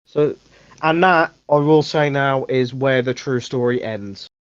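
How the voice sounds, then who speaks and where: A man's voice: medium pitch, a little slow, smooth, no room sound, lo-fi sound. A young man hosting a casual movie review podcast, rambling, correcting himself and swearing offhand. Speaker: podcast host.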